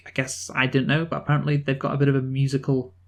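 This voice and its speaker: A man from the North of England co-hosting a relaxed film review podcast. He talks with easy enthusiasm at a middle pitch, looping and restarting his sentences as he goes. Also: gravelly. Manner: enthusiastic, rambling, halting restarts. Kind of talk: casual film discussion.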